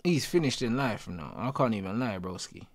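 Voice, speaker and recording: A young man, reacting live to a football match as a streamer, excitable and full of slang. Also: on the low side, brisk. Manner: excitable, slangy, repeating exclamations. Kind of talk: live watch-along reaction.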